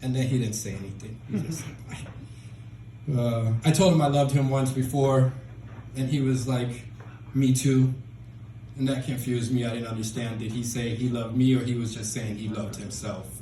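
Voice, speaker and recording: A man doing a rambling, deadpan stand-up set on a small club stage into a handheld mic. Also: medium pitch, brisk, reverberant, slight background noise, low-quality recording. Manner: deadpan, rambling, self-deprecating. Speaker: stand-up comedian.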